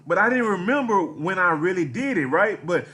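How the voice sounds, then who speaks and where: A man's voice: high voice, animated, normal speed, pushed and bright, husky. A man guest on a live stream in casual chat, blunt and joshing, using heavy slang and swearing.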